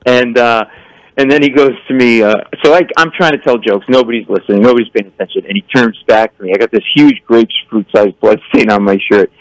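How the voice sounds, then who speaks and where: Man, middle-aged, comedian, animated storyteller, does voices, dry close studio sound. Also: medium pitch, a little fast, no room sound, low-quality recording. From New York area. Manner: acts out characters in voices, laughing often. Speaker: comedian guest. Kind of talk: animated storytelling in a radio interview. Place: radio studio.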